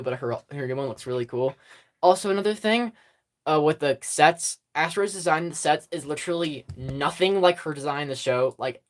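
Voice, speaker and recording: A livestream host chatting casually with viewers into a phone, rambling with many fillers and frequent giggles. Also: mid-range voice.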